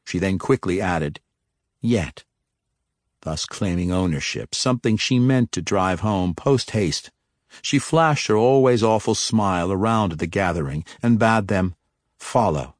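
Low-voiced man narrating a fantasy novel. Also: normal speed, no room sound, studio quality. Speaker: audiobook narrator.

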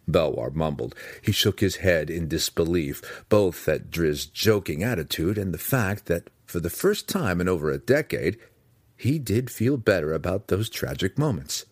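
A man narrating a fantasy novel as an audiobook, in a measured, expressive storytelling manner. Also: low voice, husky, no echo.

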